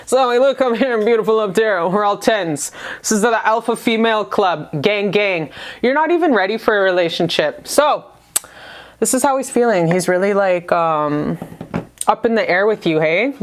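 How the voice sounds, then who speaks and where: A woman's voice: medium pitch, expressive, normal speed. A woman giving a casual tarot reading to camera, gushing and affectionate, full of profanity and slang. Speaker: tarot reader.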